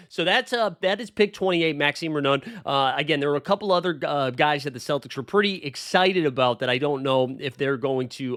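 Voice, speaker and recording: A man's voice: a little high, fairly bright tone. Chatty man hosting a sports show. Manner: chatty, loose, with frequent "uh" and "right?". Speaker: basketball podcast host. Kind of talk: casual sports commentary.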